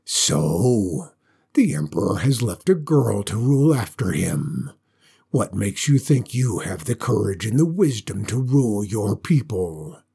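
A man voicing a huge, proud old dragon with a slow, booming, threatening delivery, in a storybook reading. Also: sing-song, gravelly, mellow, husky, exaggerated voice. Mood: menacing. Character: huge ancient male dragon, menacing and proud.

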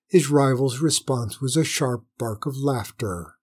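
A man narrating a story in a measured, dramatic storytelling manner. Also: medium pitch, darkish tone, slightly rough. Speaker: audiobook narrator.

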